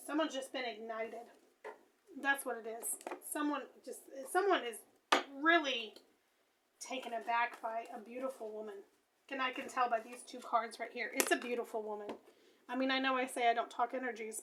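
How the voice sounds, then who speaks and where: Excitable bright-voiced woman reading tarot. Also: sits high, a little hiss or hum. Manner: excitable, exclaiming, thinking aloud. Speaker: tarot reader.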